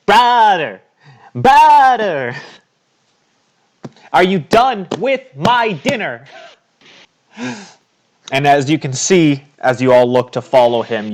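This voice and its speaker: A man narrating a tabletop game as game master, chatty and often laughing. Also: mid-range voice.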